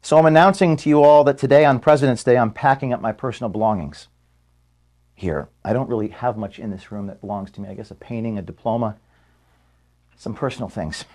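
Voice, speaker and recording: Man, emotional farewell address, halting, earnest, close to tears, office room. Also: medium pitch, a little mellow. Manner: halting, earnest, stops to apologize. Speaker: organization founder giving a farewell speech to staff. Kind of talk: personal farewell address filmed for staff.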